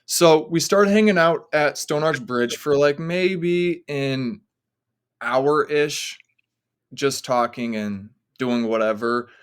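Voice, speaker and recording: A man's voice: on the high side, takes it slowly, clean tone. A man who is a podcast guest, telling a story casually in rambling sentences full of "like" fillers. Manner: rambling, heavy use of "like" fillers.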